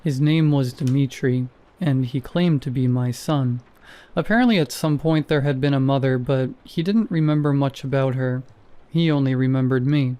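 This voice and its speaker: Smooth, mellow male horror narrator. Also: mid-range voice. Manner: measured, first-person storytelling.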